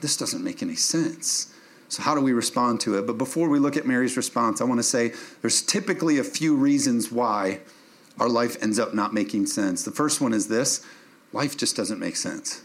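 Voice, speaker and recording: Man, pastor, sermon, emphatic preaching, humorous asides, church. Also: medium pitch.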